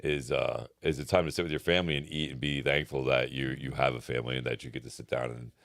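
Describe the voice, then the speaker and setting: Deep voiced guy co-hosting a podcast, very low, laid back, curses a lot. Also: steady tone, fast, creaky, fairly bright tone, no echo, clean studio sound. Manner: laid-back, swears freely. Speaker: podcast co-host. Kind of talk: casual chat.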